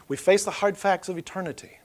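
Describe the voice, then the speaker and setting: A middle-aged man, preaching a loose, storytelling sermon in church that swells loud and then drops low. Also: a little fast. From Oklahoma. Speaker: pastor. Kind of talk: conversational sermon.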